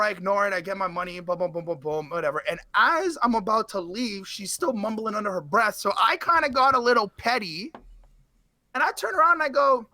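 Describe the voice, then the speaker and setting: A man, a guest in a casual interview, telling a story in an animated, slangy way with swearing. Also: high-pitched, fairly quick, no room sound.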